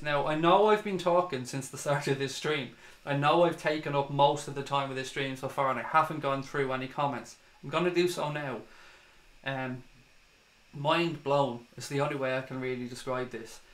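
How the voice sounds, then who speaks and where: A man's voice: mid-range voice, a bit bright, reverberant. A man with an Irish accent hosting a fan livestream, ranting and swearing as he reads out viewer comments. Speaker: fan channel livestream host.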